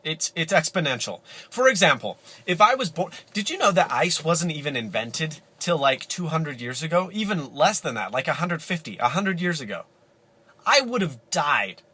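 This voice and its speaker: A man's voice: on the high side, very animated, moderate pace, hardly any pauses, bright, forceful tone, slightly rough. A man talking to the camera in a casual, rambling monologue, exaggerating and interrupting himself as he jokes. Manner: rambling, hyperbolic, self-interrupting, jokey. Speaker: vlogger.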